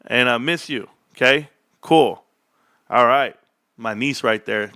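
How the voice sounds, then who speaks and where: A man hosting a live stream in casual chat, excitable and giving shout-outs to viewers. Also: mid-range voice, slow pace, long pauses. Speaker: livestream host.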